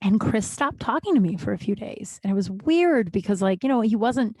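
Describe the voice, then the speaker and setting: A woman's voice: medium pitch, lively intonation, brisk, darkish tone, slightly rough, dry recording. Candid, swearing woman from Colorado. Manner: candid, profane, self-mocking. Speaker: podcast host. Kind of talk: casual storytelling monologue.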